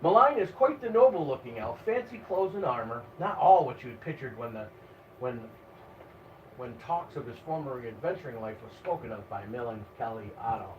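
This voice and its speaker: A man's voice: medium pitch, animated, normal speed. A man running a tabletop game as game master, narrating and chatting in a wry, conversational way. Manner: wry, conversational, laughs often. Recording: echoey, far from mic, phone-like, noisy.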